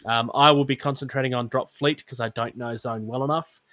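A man's voice: mid-range voice, steady tone, brisk, pushed and bright, dry recording. A man, co-hosting a casual chat, rambling and self-mocking with frequent laughs. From Australia. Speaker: podcast co-host. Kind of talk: casual chat about tabletop gaming.

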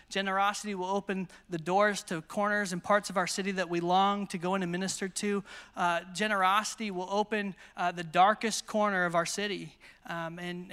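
A man's voice: sits high, clear, resonant tone, long reverb tail. A man preaching at a conference, telling stories energetically and acting out quotes. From United States. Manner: energetic, storytelling with acted quotes. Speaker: pastor. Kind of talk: sermon storytelling. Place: conference hall.

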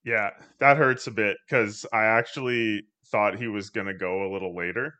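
A man's voice: fairly low pitch, steady tone, moderate pace, pushed and bright. A man chatting casually on a podcast, thinking aloud with many hesitations. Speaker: podcast co-host.

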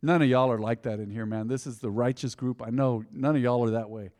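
A man in his forties preaching a sermon to his congregation, folksy and direct, swinging between loud emphasis and quiet intensity. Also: mid-range voice, fairly even intonation, a little fast. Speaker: pastor. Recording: long hall reverb.

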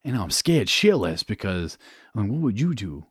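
Low-voiced, profane man telling his story. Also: very animated, slightly rough, dry recording, clean studio sound. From New Hampshire. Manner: casual and profane, halting with fillers. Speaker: guest. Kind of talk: candid personal storytelling.

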